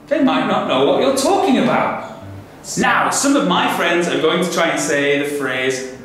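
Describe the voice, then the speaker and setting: A man with a Lancashire accent hosting a children's show, talking in an animated, theatrical way with big swoops in his voice. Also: a little high, a little slow. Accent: Lancashire English. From Lancashire, north of England. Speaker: children's show host and teacher. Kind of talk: lively presenting for children. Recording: very echoey room with music behind.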